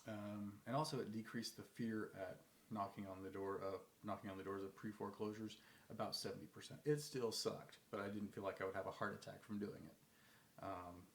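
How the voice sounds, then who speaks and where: A man with a low, gravelly voice rambles through casual advice, full of fillers and restarts. He sounds like he is in an echoey room with a faint hiss behind him. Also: steady tone, fairly quick. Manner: rambling, many fillers and restarts, acts out phone calls. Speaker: vlogger giving advice. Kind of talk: casual talk to camera.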